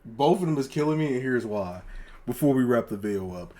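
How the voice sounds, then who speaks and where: A man co-hosting a podcast in casual chat, animated and swearing freely as he acts out scenes. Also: mid-range voice, fairly quick. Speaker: podcast co-host.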